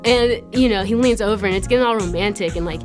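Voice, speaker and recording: A young adult woman leading a youth church lesson, telling stories in a chatty, animated way, laughing often and using casual slang. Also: mid-range voice, fast talker, faint music behind.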